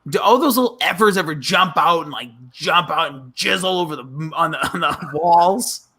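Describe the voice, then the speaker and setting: A man co-hosting a podcast, chatting casually and retelling comedy sketches with lively acted-out lines. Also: on the high side, moderate pace, husky. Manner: animated, acts out sketch lines in put-on voices. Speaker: podcast co-host.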